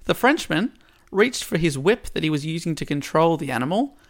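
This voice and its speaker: A podcast host retelling a story's plot in a casual way, with dry asides along the way. His voice is gravelly and sits a little high for a man. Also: big pitch swings, a little fast.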